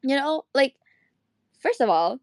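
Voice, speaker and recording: A woman's voice: high voice, animated, measured pace, no room sound. A young woman from Indonesia chatting casually in a live audio room, rambling, swearing freely and laughing often. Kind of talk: casual chat.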